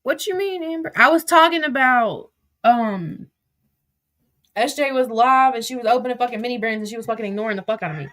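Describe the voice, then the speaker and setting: A woman's voice: on the high side, a bit bright, dry recording. A young woman, reading texts aloud on a livestream in a heated, profane rant. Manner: heated, profane, rapid rants.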